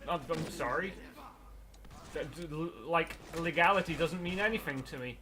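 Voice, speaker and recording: Playing a video game, the let's play host rambles through stories in casual chat and laughs a lot. His voice is a little high and moves at a moderate pace.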